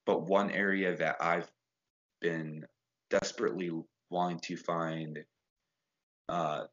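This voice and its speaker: A man's voice: deep voice, fairly even intonation, takes it slowly, fairly bright tone. A man talking as a podcast guest, earnest and rambling with fillers in a casual chat. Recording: dull lo-fi sound.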